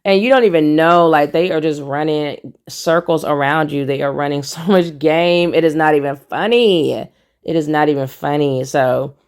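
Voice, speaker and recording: Give me a low-pitched young woman doing emphatic, opinionated vlog commentary. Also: normal speed, smooth. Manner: emphatic, preachy, repeats "no, no". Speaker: commentary vlogger. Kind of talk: casual commentary.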